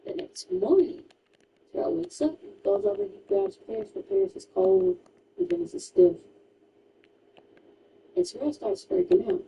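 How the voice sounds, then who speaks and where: A woman's voice: high voice, very animated, normal speed, gravelly, long pauses, warm tone, distant mic, highs cut off, a little hiss or hum. A woman streamer casually retelling a true crime story while gaming, emphatic and chatty, full of "like" asides.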